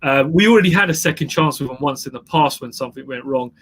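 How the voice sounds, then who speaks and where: A man's voice: mid-range voice, quick pace, fairly bright tone. A man who is a guest entrepreneur, telling his story in an emphatic interview style and repeating phrases for effect. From England.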